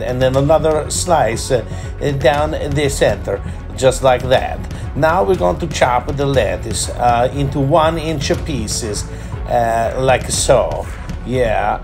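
A man hosting a home cooking video, casually talking through each step with frequent "uh" fillers, in a home kitchen. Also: mid-range voice. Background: background music.

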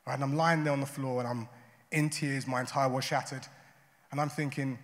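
Man preaching in a chatty, relaxed sermon style, with a big echoing hall behind his voice. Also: medium pitch, fairly quick. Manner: conversational, often adds "right?" and "you know". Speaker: pastor. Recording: long hall reverb.

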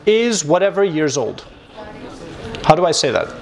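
Animated male lecturer, students murmuring. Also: fairly high pitch, normal speed, creaky, crowd noise. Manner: lively, switches between English and Armenian, jokes with students. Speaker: computer science lecturer. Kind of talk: live classroom lecture. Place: university lecture hall. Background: students in the room.

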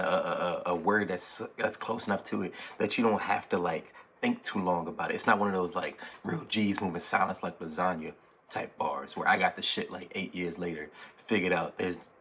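Deep-voiced man reacting to music. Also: brisk, a little hiss or hum. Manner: excitable, talks over the track, repeats himself. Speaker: reaction channel host. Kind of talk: casual music reaction commentary.

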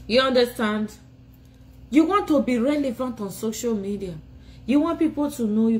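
A tired, sleepy Nigerian woman scolds and taunts her rivals in a live rant from home, speaking into her phone. Her voice sits at an average pitch, and a faint hiss runs beneath it. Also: expressive, normal speed, darkish tone, poor audio. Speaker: vlogger. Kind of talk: ranting live video.

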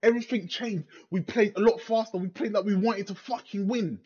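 A man's voice: sits high, steady tone, a little fast, a little mellow, slightly rough, lo-fi sound. A young man in a furious, swear-filled rant after a football match, repeating himself in disbelief. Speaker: football fan vlogger. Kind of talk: angry post-match rant.

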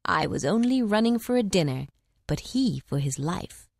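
Brief: fable hound, male, calm and plain-spoken in a female narrator's voice. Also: lowish voice, moderate pace, creaky, dry recording, studio quality. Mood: explaining. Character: matter-of-fact male hound.

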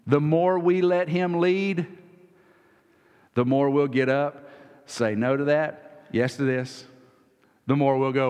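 A man preaching a sermon as pastor, folksy, acting out quoted voices and swinging from loud to soft. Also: on the high side, moderate pace, smooth. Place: church sanctuary. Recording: long hall reverb.

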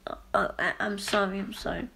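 A woman's voice: medium pitch, flat delivery, fairly quick, creaky, sharp tone, husky, voice pushed up, exaggerated voice. A woman playing a downtrodden male street clown who stammers apologies in an amateur fan film. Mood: nervous giggling. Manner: apologetic, stammering, breaks into laughter.

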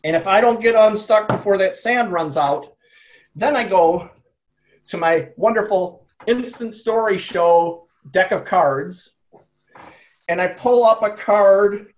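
A man's voice: sits high, rough recording. A man, an author, explaining and dictating a story live to an audience, speaking his punctuation aloud.

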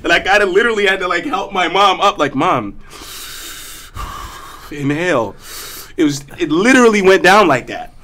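A man's voice: sits high, expressive, fast talker, few pauses, bright, forceful tone, slight background noise. A man from South Africa, a guest actor telling stories in a casual studio chat, laid-back and slangy with many fillers and restarts.

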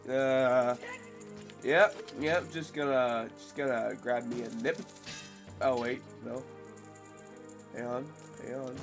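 A high-voiced young man gives jokey gameplay commentary, his voice swinging up and down a lot. He rambles with plenty of fillers and yelps loudly whenever something startles him. Faint music plays behind him. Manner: jokey, yelps and screams at scares. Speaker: let's play commentator.

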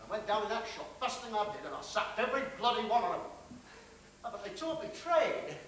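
An actor playing a blunt, hearty factory boss, telling a folksy story. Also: male voice, high voice, very animated, fairly quick, fairly bright tone, slight background noise. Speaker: factory owner giving advice. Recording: roomy film sound from a distant mic.

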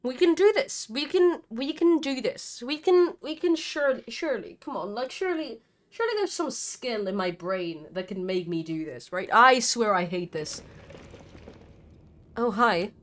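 A woman's voice: on the high side, animated, moderate pace. A woman streamer giving live gameplay commentary, nervous and chatty, swearing a lot and talking back at the characters on screen. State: nervous and scared.

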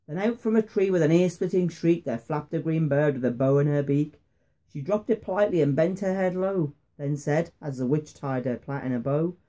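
A father reads a rhyming bedtime story to his son in a soft, mellow voice. He keeps a bouncing rhythm and slows down for the suspenseful moments. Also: on the high side, lively intonation.

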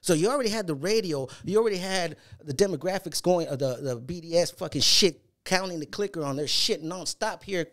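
Profane storytelling man, slightly high voice. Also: fairly quick, hardly any pauses, fairly bright tone. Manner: profane, acts out quoted voices. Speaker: guest. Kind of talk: casual storytelling.

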